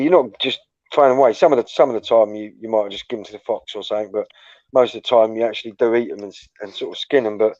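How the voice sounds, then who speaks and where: A man's voice: mid-range voice, a little mellow, no room sound. A young man hosting a casual chat, telling school stories full of swearing and laughter. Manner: swears freely, laughs through anecdotes. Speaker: host. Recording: muffled, dry sound.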